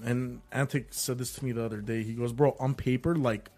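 A man's voice: medium pitch, brisk, faint music behind. A young man, a comedian guest, telling a story in casual chat, filling his talk with "bro" and "like". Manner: animated, says "bro" and "like" constantly.

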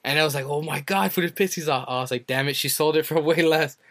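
A man's voice: fast, fairly bright tone, no echo, studio quality. Rambling young man telling a story. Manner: rambling storyteller who acts out quotes with sudden high jumps. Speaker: podcast co-host. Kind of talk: casual chat.

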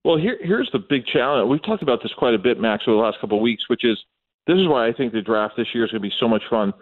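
A man speaking as a football analyst guest on a radio show, in a measured, analytical way. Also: medium pitch, expressive, no room sound. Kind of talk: sports radio talk. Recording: tinny phone-line sound.

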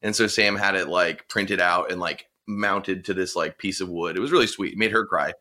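A man's voice: deep voice, steady tone, normal speed, sharp tone. A man in casual chat, joking and swearing as he tells a story.

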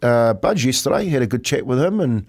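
A man co-hosting a breakfast radio show, chatting in a relaxed, easygoing way. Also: mid-range voice, brisk. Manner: laid-back, chatty, easy filler-heavy banter. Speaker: radio co-host. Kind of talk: casual chat.

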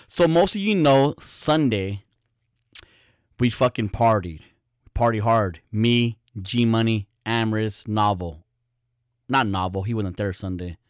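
A man's voice: lowish voice, no echo, studio quality. A man hosting his own podcast, ranting bluntly in a casual, profane, rambling way. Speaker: podcast host. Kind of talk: casual solo podcast rant.

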